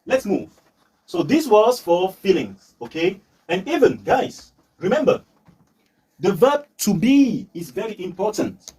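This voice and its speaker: A man teaching English on a live stream, patient, repeating words slowly and mixing in Turkish for his learners. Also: high voice, big pitch swings, darkish tone, husky. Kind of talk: live-stream language lesson.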